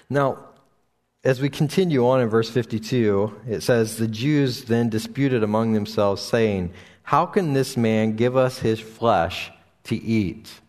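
A man preaching a sermon and reading scripture aloud, often restarting his sentences, and going higher in pitch when he stresses a point. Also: darkish tone. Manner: halting, with frequent restarts and fillers; rises in pitch for emphasis when paraphrasing. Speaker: pastor. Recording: long hall reverb.

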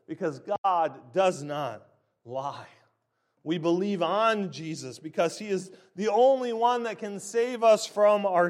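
A man preaching a sermon in an emphatic, deliberate way, stressing key words. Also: sits high.

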